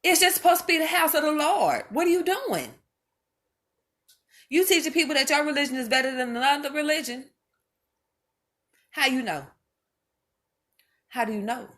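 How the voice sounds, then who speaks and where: A woman's voice: high voice, expressive, moderate pace, long pauses, fairly bright tone. A mother speaking straight to her viewers in an impassioned monologue, emphatic and preachy, hammering home each point by repeating it.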